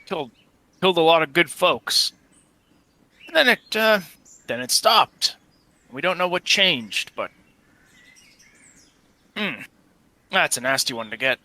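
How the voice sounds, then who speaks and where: Brief: man playing a plain-spoken hired gun for a tabletop game, halting folksy delivery, very bright voice, dry close sound. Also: on the high side, very animated, no room sound, pitched above the performer's own voice, full character voice. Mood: musing. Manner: halting, folksy, full of pauses. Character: weathered male mercenary, blunt and practical. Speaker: game master voicing a character. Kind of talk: tabletop role-play character voice.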